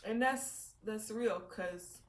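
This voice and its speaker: A woman speaking slowly in a medium pitch vlogs from home, reflecting with candor, cursing, and laughing frequently. It's a casual personal monologue, captured with a roomy echo and the mic set well away from her.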